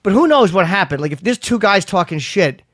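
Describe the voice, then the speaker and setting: A man's voice: high-pitched, big pitch swings, a little fast, fairly bright tone, no echo, clean studio sound. A man co-hosting a casual chat show, retelling a story with heat and plenty of swearing. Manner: heated, profane retelling, quotes others. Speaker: podcast co-host.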